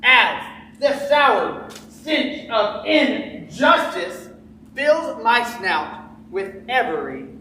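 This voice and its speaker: An actor playing a huffy, shouting pig. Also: mid-range voice, big pitch swings, drawn-out words, exaggerated voice. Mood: earnest. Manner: shouty and huffy, snorts and sniffs. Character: indignant pig, later a snuffling boar reporter. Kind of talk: high school stage musical. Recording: echoey auditorium from far off, faint noise.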